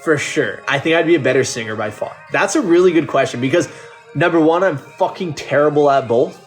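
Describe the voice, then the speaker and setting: A man's voice: a little high, animated, fairly quick, faint music behind. Swearing Canadian man chatting on a livestream. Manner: loose, profane, rambling with many restarts. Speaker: livestreamer reading chat. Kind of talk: casual live-stream chat.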